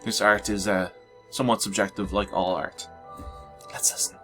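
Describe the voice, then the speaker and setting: A man's voice: on the low side, steady tone, moderate pace, a bit bright, soft background music. A man giving casual gameplay commentary full of joking, sarcastic banter. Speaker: gaming host.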